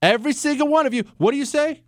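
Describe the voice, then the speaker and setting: A man's voice: very high voice, quick pace, no echo. A man hosting a talk show, delivering an emphatic, combative, teasing opinion monologue into a studio microphone. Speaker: radio talk show host.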